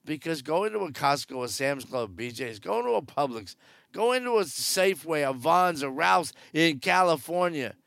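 A man's voice: on the high side, lively intonation, normal speed, creaky, a bit bright, dry recording, studio quality. A man giving casual, wry cruise news commentary from aboard a ship, joking sarcastically. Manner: chatty and wry, jokes sarcastically.

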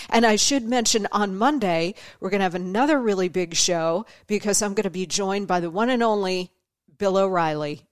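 A middle-aged woman with a medium-pitched voice hosts her own podcast, chatting her way through stories in a casual monologue. She laughs often and acts out the voices of people she quotes. The recording is dry and studio quality.

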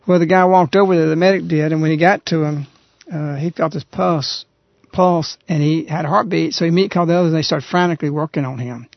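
A man hosting a radio talk show, earnestly retelling a story in a halting, conversational way. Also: a little high, fairly even intonation, dry recording. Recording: dull, lo-fi radio recording.

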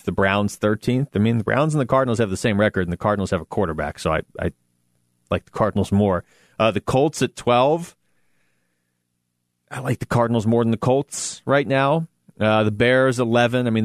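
A man's voice: lowish voice, dry recording, clean studio sound. A man hosting a sports talk show, chatting casually and animatedly about a football team's playoff chances with self-deprecating asides. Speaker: sports radio host.

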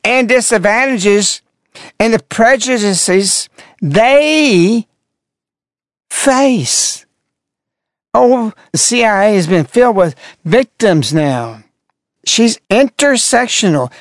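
A man's voice: high-pitched, animated, slow, pauses often, dry recording, studio quality. An older man, a religious broadcaster, commenting sarcastically and mockingly on clips he plays.

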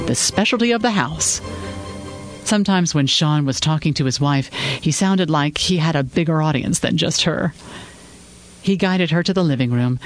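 Guy reading a fiction podcast, slightly high voice, calm and steady. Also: rough recording. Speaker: narrator. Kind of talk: scripted fiction narration.

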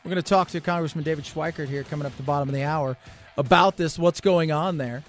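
High-voiced, joking male radio host. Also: fast talker, soft background music. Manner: animated, joking, restarts sentences. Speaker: radio talk show host. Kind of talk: casual talk radio commentary. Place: radio studio. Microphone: studio microphone.

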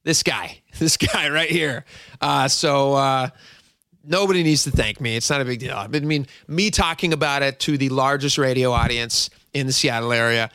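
Jokey, bright-voiced male radio host. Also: medium pitch, normal speed, clean tone, dry recording, studio quality. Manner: jokey, self-mocking, chatty. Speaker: radio talk show host. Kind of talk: casual talk radio.

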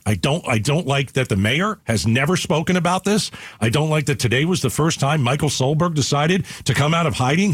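A man's voice: on the high side, breathy edge, dry recording, studio quality. A man hosting a radio talk show from Arizona, speaking angrily and emphatically and repeating his points. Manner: angry, emphatic, repeats himself.

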